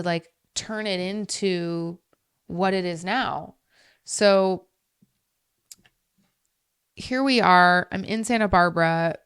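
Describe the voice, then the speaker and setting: A woman's voice: on the low side, smooth. A young woman, a podcast guest, chatting casually about her life with lots of "like" and "um". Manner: chatty, uses many fillers like "like" and "um". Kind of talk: casual storytelling. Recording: podcast studio.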